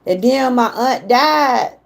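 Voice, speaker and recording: A woman's voice: fairly high pitch, expressive, slow pace, vocal fry. A middle-aged woman with a Southern US accent, chatting casually with viewers on a livestream and getting emotional when she talks about her mother. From Georgia, US. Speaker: livestream host.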